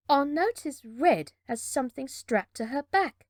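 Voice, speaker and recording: Woman narrator, fairly high voice, unhurried, dramatic storybook reading, dry room. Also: lively intonation, no room sound.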